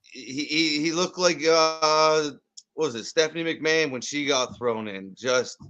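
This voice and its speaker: A man's voice: fairly high pitch, measured pace, pushed and bright, muffled recording. A man co-hosting a live wrestling watch party, chatting casually and laughing easily, often restarting his sentences. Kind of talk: casual chat.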